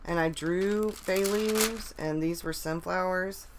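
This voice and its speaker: A woman with a fairly low voice chats casually on a livestream. She rambles along, restarting her sentences and filling pauses with ums and likes. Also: very noisy. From United States. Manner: rambling, with many restarts and fillers. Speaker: vlogger. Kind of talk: casual live chat.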